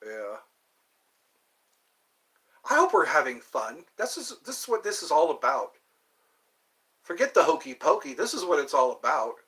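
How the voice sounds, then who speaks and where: Male host, loose rambling talker, bright forward tone, wanders off topic often. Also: on the high side, sing-song, moderate pace, long pauses. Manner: rambling, chatty, thinks aloud and digresses. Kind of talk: casual livestream chat.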